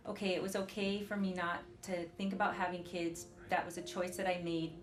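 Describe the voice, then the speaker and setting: Nervous, halting woman in her forties. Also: fairly low pitch, flat delivery, a little hiss or hum. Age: 40s. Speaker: documentary subject. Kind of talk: candid conversation. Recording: background music over the scene.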